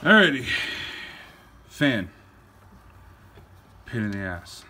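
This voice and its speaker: A man's voice: mid-range voice, very animated, slow, bright, forceful tone, a little hiss or hum. A man chatting casually as a guest in a garage while working on a truck, blunt and cursing casually. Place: home garage.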